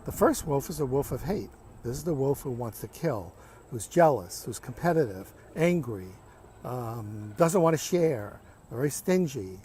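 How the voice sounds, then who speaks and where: A man voicing a patient, wise old grandfather who is a medicine man, speaking calmly and gently. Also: mid-range voice, a little slow, breathy edge. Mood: gentle. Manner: calm, gentle storytelling.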